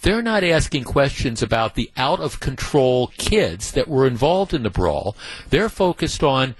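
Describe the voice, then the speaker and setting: A man's voice: medium pitch, sing-song, measured pace, slightly rough, no echo, rough recording. A man hosting a talk radio show, delivering indignant, emphatic commentary full of rhetorical questions into a studio microphone.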